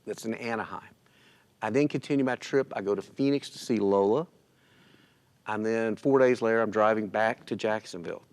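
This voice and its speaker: A middle-aged man telling a personal story in casual conversation, animated and acting out what others said. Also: fairly low pitch, normal speed. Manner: animated, acts out other people's lines.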